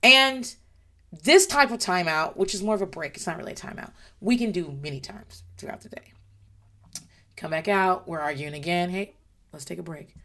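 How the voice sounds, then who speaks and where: A woman's voice: fairly low pitch, expressive, moderate pace, bright, forceful tone. A woman in her thirties, a parent giving blunt, frank advice in casual chat, with a voice that is wearing out. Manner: blunt, frank, swears freely.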